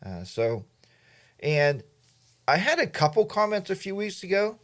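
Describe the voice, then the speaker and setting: A man's voice: sits high, very animated, measured pace, fairly bright tone. Rambling man hosting a casual livestream. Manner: rambling, admits he goes off topic. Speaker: livestream host. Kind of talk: casual livestream chat reading viewer comments.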